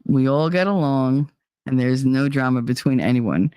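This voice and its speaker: A woman's voice: a bass voice, moderate pace, mellow, clear, resonant tone, dry recording. Blunt, candid woman chatting on a live stream. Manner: candid, blunt and profane, with wry humor. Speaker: live-stream host reading viewer chat. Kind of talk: casual live-stream chat.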